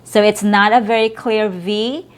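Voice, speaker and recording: A woman teaches English pronunciation at a very unhurried pace. She says each example word several times to contrast the right and wrong vowel. Her voice sits at a middle pitch. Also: steady tone. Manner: repeats words slowly and contrasts right and wrong sounds. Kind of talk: slow, deliberate pronunciation lesson.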